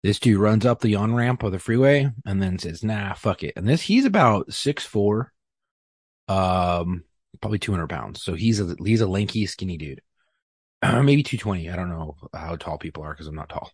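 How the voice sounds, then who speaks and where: A man with a low, husky voice tells a story in a loose, profane way, acting out each line people said. The sound is dry and close to the mic. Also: normal speed, no echo. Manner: profane, animated retelling with acted-out quotes. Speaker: podcast guest. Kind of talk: casual storytelling.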